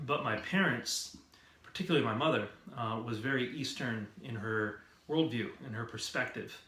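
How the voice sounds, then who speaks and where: A man speaks about himself in a bright, medium-pitched voice. His delivery is measured and thoughtful, and the room around him is noticeably echoey. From raised in the West. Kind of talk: reflective personal talk.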